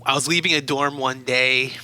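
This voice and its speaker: A man from Baltimore, a university academic adviser, telling personal stories as an interview guest in a measured, thoughtful way. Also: mid-range voice, steady tone, bright, forceful tone, smooth, rough recording. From Baltimore, USA. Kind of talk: reflective interview storytelling.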